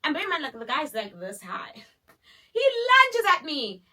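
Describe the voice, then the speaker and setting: A young woman, telling a dramatic personal story in a casual, animated way full of fillers. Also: sits high, measured pace. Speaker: vlogger.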